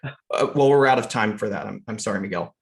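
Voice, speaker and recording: A man chairing an online meeting on a video call, halting and full of fillers as he runs through procedure. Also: fairly low pitch, gravelly.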